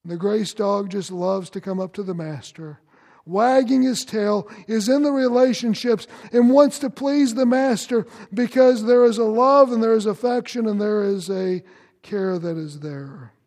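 A man's voice: high voice, a little slow, vocal fry, a little mellow, long reverb tail. A man preaching a sermon as pastor, earnest and direct, questioning his congregation.

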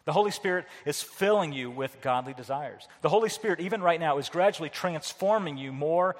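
Man, pastor, sermon, earnest preaching, slightly high voice, long reverb of a church hall. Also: fairly quick. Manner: earnest preaching with repeated words and questions to the congregation.

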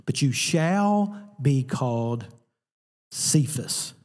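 A man voicing a calm, solemn teacher who speaks gravely and quietly. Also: medium pitch, slow pace, in a large hall, voice pushed down.

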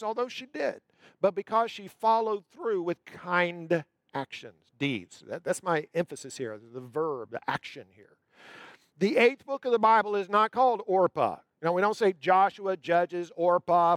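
A man with a notably high speaking voice delivers a sermon, telling a story with emphatic pacing and lingering on key words. The sound is close and dry, with no room echo. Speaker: pastor.

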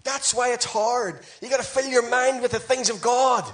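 A man with a strikingly high voice preaches a sermon to his congregation. He drives his points home with emphatic repetition and pleading exhortation. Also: fairly even intonation, normal speed. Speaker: pastor.

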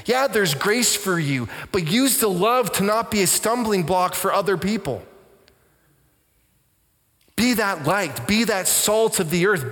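Brief: male pastor from Canada, higher-pitched preaching voice, lively stories, hushed emphatic moments. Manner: animated storytelling, drops to soft intense tones. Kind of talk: sermon. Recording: long church reverb.

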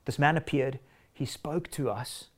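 A man's voice: mid-range voice, measured pace. Guy preaching a sermon, earnest and emphatic, plain mid voice, punchy short lines.

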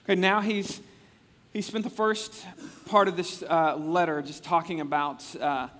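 Male pastor, high-pitched, conversational sermon, long hall reverb. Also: a little slow. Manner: animated, chatty, acts out quotes with frequent restarts.

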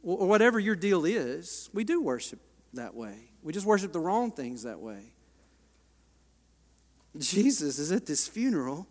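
A Baptist pastor, preaching a sermon with passion, swinging from hushed to loud. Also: male voice, a little high, very animated, unhurried, pauses often. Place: large church sanctuary. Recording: long church reverb.

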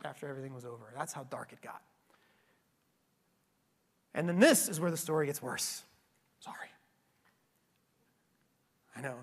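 High-voiced man preaching in a reverberant hall. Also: fairly bright tone. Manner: conversational, checks in with tag questions. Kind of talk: sermon retelling a scripture story.

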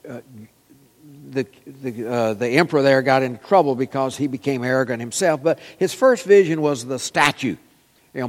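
A man preaching a sermon, telling folksy stories with frequent fillers. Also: medium pitch. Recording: long reverb in a large hall.

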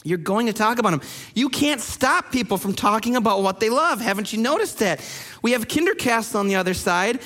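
High-voiced pastor telling a story. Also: male voice, brisk, big-room sound. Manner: animated storyteller acting out quoted people. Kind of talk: sermon storytelling.

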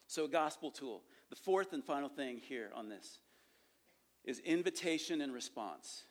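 A man delivering a sermon in a relaxed, conversational teaching voice. He circles back to key points and keeps checking that listeners follow. His pitch sits in an ordinary middle range. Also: normal speed. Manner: conversational, repeats points with frequent "okay?" check-ins. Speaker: pastor teaching evangelism.

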